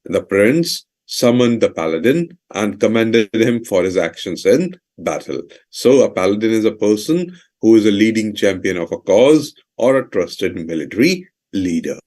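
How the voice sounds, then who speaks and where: A man's voice: on the low side, sing-song, normal speed, hardly any pauses, darkish tone. A man teaching vocabulary, explaining each word's meaning and repeating definitions and example sentences with fillers like "you know".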